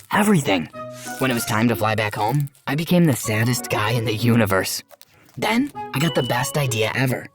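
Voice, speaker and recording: A narrator telling a first-person storytime tale in a steady, even manner, over background music. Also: mid-range voice.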